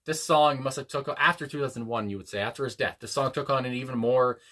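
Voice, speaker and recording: Casual male reaction host at home, mid pitch, thoughtful and unhurried, pauses a lot. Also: a bit bright. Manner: reflective, pauses with fillers, reads lyrics aloud slowly. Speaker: music reaction channel host. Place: home room, a dog nearby.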